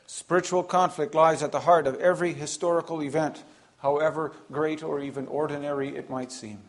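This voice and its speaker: A man delivers a sermon in a fairly high voice. He preaches earnestly and emphatically, pausing between phrases and now and then repeating a word. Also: steady tone.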